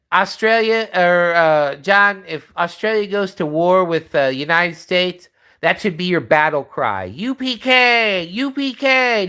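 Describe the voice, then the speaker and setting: A man's voice: sits high, bright, forceful tone, clean tone. A man hosting a livestream, ranting in a profane, rambling way and restarting his sentences often. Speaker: livestream host. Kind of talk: casual livestream rant.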